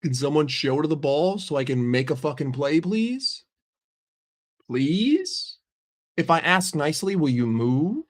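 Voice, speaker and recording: Man doing a fed-up young footballer, pleading, swearing, pitched up. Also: expressive, measured pace. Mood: exasperated. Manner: pleading, profane, raised pitch. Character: exasperated young footballer begging teammates for help.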